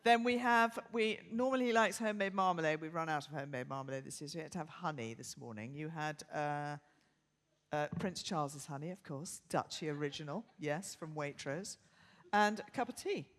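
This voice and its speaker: An older English woman co-hosting a live podcast show, brisk, bossy and quick to laugh. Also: sits low. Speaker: podcast co-host. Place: theatre stage before a live audience. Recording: long theatre reverb.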